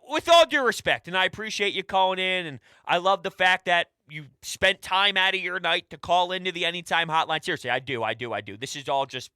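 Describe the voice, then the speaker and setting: Fired-up sports talk host, bright dry voice. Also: male voice, high voice, clean tone, no echo. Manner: emphatic, swings between shouting and quiet asides. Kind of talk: fired-up sports radio rant.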